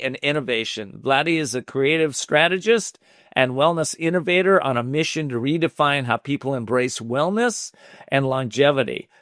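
A man's voice: on the high side, a bit bright, clear, resonant tone, no echo, studio quality. A man hosting a talk show, interviewing a guest and reading his bio in a friendly way.

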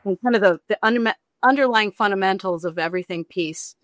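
A woman author with a mid-range voice speaks a little fast, with no echo on the recording. During a casual interview, she animatedly tells a rambling personal story, imitating the people she quotes.

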